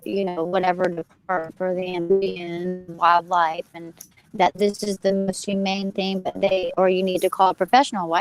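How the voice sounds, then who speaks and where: A woman casually telling a personal story to a group, animated and quickly fired up, talking to her listeners directly. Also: medium pitch, poor audio. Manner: animated, gets fired up, acts out quoted voices; talks to listeners as "you guys".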